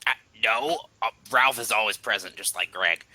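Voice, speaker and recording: A man playing in a tabletop game, answering deadpan and in character. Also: on the low side, normal speed. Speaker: player.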